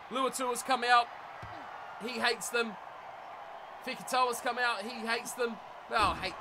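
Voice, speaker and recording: A young man commentating a rugby video game live and chatting with viewers, excitable and laughing often. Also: extremely high pitch, moderate pace, pauses often, noisy background. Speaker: game streamer.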